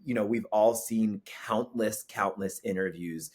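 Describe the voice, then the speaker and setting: A man as a podcast guest, talking in a chatty, animated way with many fillers. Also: fairly low pitch, unhurried, slightly rough. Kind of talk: casual chat.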